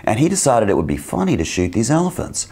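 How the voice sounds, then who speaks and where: Low-voiced guy rambling through a wild story, acting out what people said. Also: fast talker, slightly rough. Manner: rambling, lively storytelling with quoted dialogue. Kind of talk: casual spoken anecdote.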